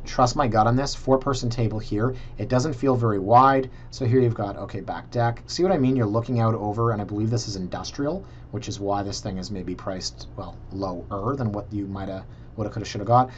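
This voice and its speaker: A man's voice: lowish voice, a little fast, highs cut off, slight background noise. A Canadian man casually talking viewers through property listings in a chatty, sarcastic way. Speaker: real estate vlogger.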